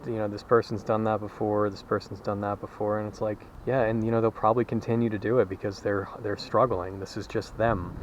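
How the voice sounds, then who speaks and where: A man's voice: fairly low pitch, highs cut off, slight background noise. A man vlogging while out walking, rambling candidly in a casual monologue and swearing freely. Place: outdoors, walking.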